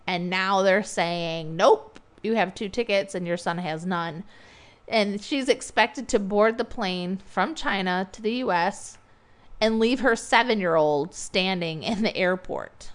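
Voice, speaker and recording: A woman's voice: mid-range voice, unhurried, clean tone. Chatty woman telling stories, acting out quotes. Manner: chatty storyteller, laughs and acts out quotes. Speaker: podcast co-host. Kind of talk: casual chat.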